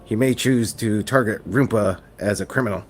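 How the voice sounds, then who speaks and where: Man, tabletop player, thoughtful, low pitch, faint noise behind. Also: moderate pace. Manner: thoughtful, planning aloud. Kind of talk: casual tabletop play.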